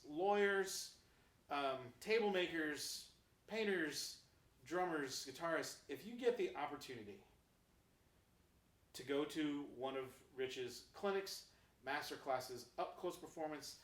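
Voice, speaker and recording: Friendly male host in an echoey room. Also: fairly high pitch. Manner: friendly, joking, upbeat sign-off. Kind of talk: casual interview chat. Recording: echoey room, distant mic.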